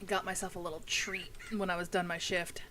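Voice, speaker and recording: Bright-voiced young woman streamer, chatty. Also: fairly low pitch, little pitch movement, a little fast, a little hiss or hum, poor audio. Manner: chatty, swears casually, talks to chat while playing. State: tired. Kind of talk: casual gaming livestream chat.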